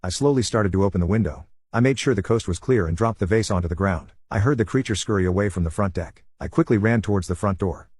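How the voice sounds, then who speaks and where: A man reads a scary tale at a quick, even pace. His voice sits low and has a husky edge. The sound is dry and close, with no room around it. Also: no room sound. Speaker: narrator. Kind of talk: scripted horror story narration.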